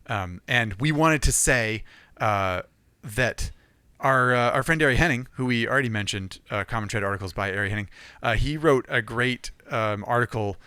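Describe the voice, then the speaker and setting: A man co-hosting a casual podcast, relaxed and laughing easily while explaining things. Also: medium pitch, normal speed, few pauses, clean tone, no room sound. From California. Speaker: podcast co-host.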